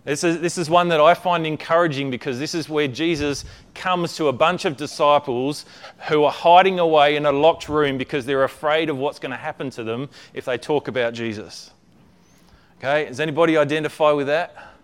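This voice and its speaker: A man's voice: a little high, a little fast, clear, resonant tone. A man preaching a conversational sermon, often checking in with his listeners and repeating words as he builds a point.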